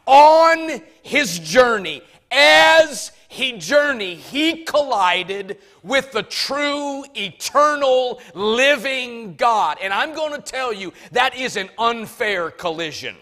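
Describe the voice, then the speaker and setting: High bright-voiced preacher man. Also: expressive, slow pace, hardly any pauses. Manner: dramatic swings from loud shouting to soft asides. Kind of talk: sermon.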